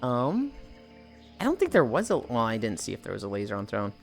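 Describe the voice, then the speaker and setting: A woman's voice: very deep voice, huge pitch swings, a little fast, faint music behind. A woman streaming from home, chatting casually with her viewers, profane and joking, groaning now and then as she stretches. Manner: profane, joking, reads chat aloud. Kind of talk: casual live-stream chat. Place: at home, indoors.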